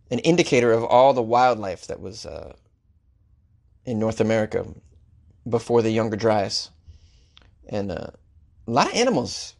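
A man who hosts a comedy news podcast, reading odd stories and ranting about them with sarcastic mock outrage. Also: medium pitch. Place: Los Angeles.

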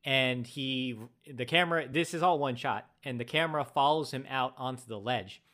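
A man's voice: mid-range voice, moderate pace, pushed and bright. Analytical man explaining film craft. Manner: explanatory, analytical about filmmaking. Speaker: podcast co-host. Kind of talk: casual movie review chat.

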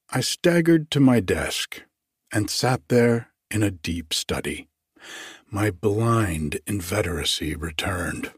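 Husky low-voiced guy reading an old story, slow and formal, dry close sound. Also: lively intonation, no room sound. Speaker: narrator. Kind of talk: audiobook reading of classic fiction.

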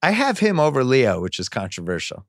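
Man, lively lowish voice, dry close mic. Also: fairly quick, no room sound. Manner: enthusiastic, opinionated. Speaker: host. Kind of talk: casual chat.

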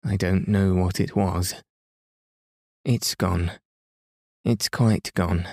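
A man reading the lines of a nervous young wife in a slightly higher, breathless voice. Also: steady tone, extremely slow, a little mellow, no echo, studio quality, heavily acted. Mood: shaken.

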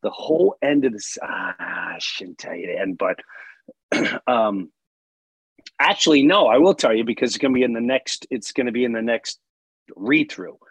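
Husky-voiced man telling a story. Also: medium pitch, normal speed, dry recording. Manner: animated, acts out voices in anecdotes, laughs often. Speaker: podcast host. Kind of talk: storytelling in casual conversation.

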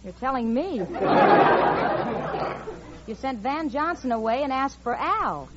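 Exasperated, sharp-tongued roommate, high and lively, old radio with audience. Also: female voice, measured pace, a loud crowd, very noisy. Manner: exasperated, wisecracking. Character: sensible, exasperated young working woman. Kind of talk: 1940s radio comedy acting. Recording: dull old radio recording with studio audience.

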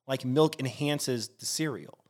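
A man co-hosting a podcast in casual chat, swearing freely and breaking into animated outbursts. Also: mid-range voice, a little slow. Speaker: podcast co-host.

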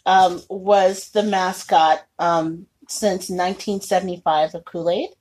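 A woman co-hosting a podcast in casual chat, laughing often and animated. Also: on the low side, husky. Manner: laughs often, animated, quick bursts of surprise. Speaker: podcast co-host.

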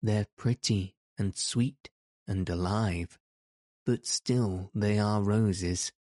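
A man voicing a calm, patient old gardener who explains things to visitors in a storybook reading. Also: on the low side, very slow, dry recording, studio quality. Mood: explaining.

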